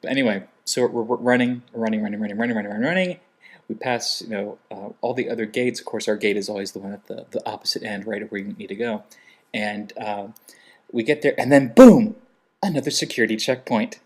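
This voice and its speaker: A man's voice: lowish voice, fairly quick. A man vlogging casually, telling a humorous travel story and acting out what people said. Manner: humorous, acts out quoted lines in other voices.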